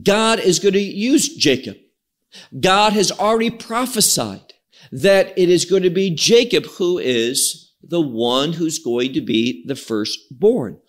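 Slow, lively-voiced preacher man. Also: fairly high pitch. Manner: slow, emphatic teaching with scripture readings. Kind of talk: expository sermon.

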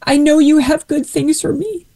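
A woman's voice: high-pitched, steady tone, normal speed, creaky, mellow, rough recording. A woman giving an earnest faith testimony and retelling a Bible story, acting out the voices of its people. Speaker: guest sharing her faith testimony.

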